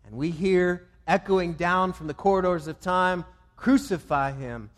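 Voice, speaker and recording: Man, pastor, sermon, slightly high voice, loud-then-hushed emphasis, church reverb. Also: steady tone, moderate pace.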